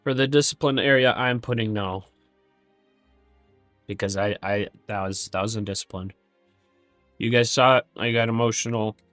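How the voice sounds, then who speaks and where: On a live stream, a man gives trading commentary, thinking aloud as he works the numbers and candidly criticizing his own mistakes. His fairly low, fairly bright voice is steady, close and dry, at normal speed with frequent pauses. Faint music plays underneath.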